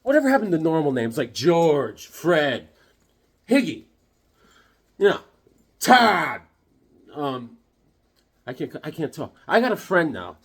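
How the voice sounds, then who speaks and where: A man's voice: fairly high pitch, big pitch swings, a little slow, long pauses. A man chatting casually in a vlog, rambling and joking as he shows off his comic collection at home. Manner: rambling, jokey, loose.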